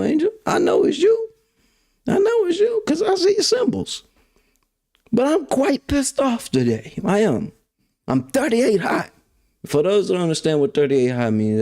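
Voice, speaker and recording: A man hosting his own show, ranting in a casual, slangy monologue that swings between loud outbursts and low mutters. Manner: slangy, drawn-out emphasis. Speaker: podcast host.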